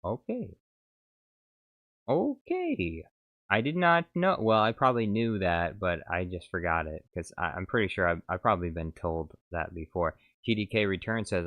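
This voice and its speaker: A man's voice: deep voice, moderate pace, fairly bright tone, dry recording. A man casually chatting as a streamer, rambling, self-mocking and reading out chat.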